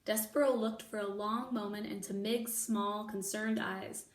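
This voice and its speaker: A woman teacher reading a children's novel aloud, expressive and bringing the characters to life with voices. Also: medium pitch, measured pace. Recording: echoey room, mic at a distance.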